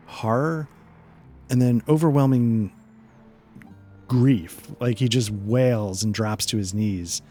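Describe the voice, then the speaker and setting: A man narrating as game master in a loose, halting way, full of fillers. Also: medium pitch, a little mellow.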